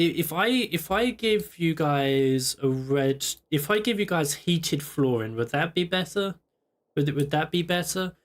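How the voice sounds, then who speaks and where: A man streaming a video game, chatting playfully and teasing in-game characters, often repeating himself. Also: fairly high pitch. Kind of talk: casual gameplay stream chat.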